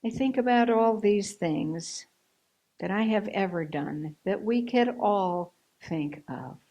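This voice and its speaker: A woman's voice: mid-range voice, animated, slow, lo-fi sound. Earnest woman preacher telling a story. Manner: earnest storytelling, voices quoted dialogue; hushed, whispered recitation of a poem. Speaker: minister. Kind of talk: sermon with personal story. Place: church sanctuary.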